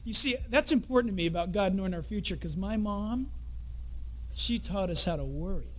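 A man's voice: high-pitched, a little fast. A man preaching a sermon, telling stories and jokes and acting out the people in them. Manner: animated storytelling, acts out characters in the story.

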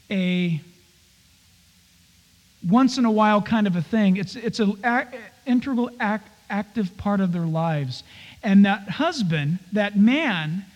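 High-voiced man preaching in a reverberant hall. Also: muffled recording. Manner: conversational preaching with playful acted-out asides. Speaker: pastor. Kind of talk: sermon.

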